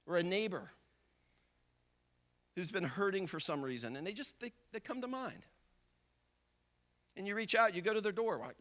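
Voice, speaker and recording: A man's voice: high-pitched, expressive, moderate pace, pauses often, a bit bright. A man preaching a sermon as a visiting pastor, talking in a conversational way and acting out the thoughts of everyday people. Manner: conversational preaching, acts out everyday inner voices.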